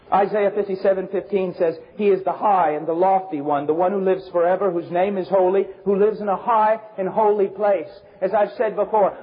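A man preaching a fervent sermon, swinging between shouted emphasis and low, intense passages. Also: husky. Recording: dull lo-fi recording.

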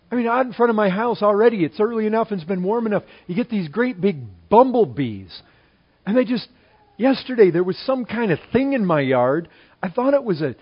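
A man preaching a sermon in an animated way, swinging between loud exclamations and quiet asides. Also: high voice, slightly rough, highs cut off.

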